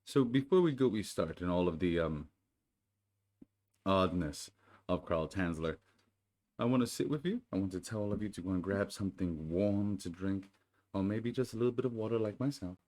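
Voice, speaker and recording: A man hosting his channel in casual chat, then reading a storybook aloud in a soothing, unhurried way. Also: deep voice, animated, a little mellow. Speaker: channel host.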